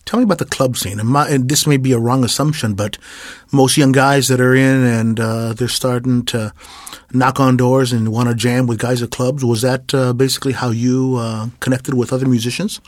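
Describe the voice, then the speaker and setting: A man's voice: mid-range voice, steady tone, normal speed, dry recording, studio quality. A man co-interviewing, putting a tentative question to a guest.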